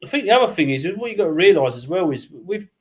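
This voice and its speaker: Brief plain-talking man, a bit high-pitched, auction co-host. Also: very animated, fast. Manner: blunt, plain-spoken, crude jokes. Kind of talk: casual live auction talk.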